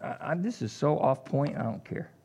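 A man preaching a casual, conversational sermon, folksy and animated, leaping from high exclamations to low asides. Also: moderate pace, slightly rough. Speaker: pastor.

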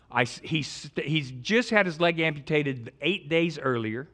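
A man telling an emotional story in a sermon, animated, with many restarts and swings between loud and soft. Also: medium pitch.

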